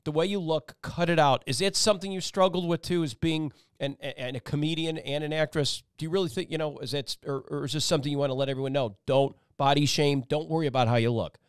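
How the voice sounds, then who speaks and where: A man hosts a casual talk interview in a rambling, emphatic way, often restarting his sentences. His voice sits a little high for a man, and the sound is close and dry. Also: steady tone, fast talker, hardly any pauses, clean tone, dry recording. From Italian-American family. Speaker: talk show host and meteorologist.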